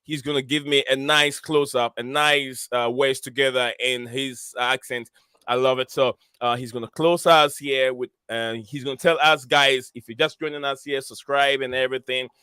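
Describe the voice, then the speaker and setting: A man hosting a live football review stream, talking in an excited, rambling way with many fillers. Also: mid-range voice, moderate pace, clear, resonant tone, no echo. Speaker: host.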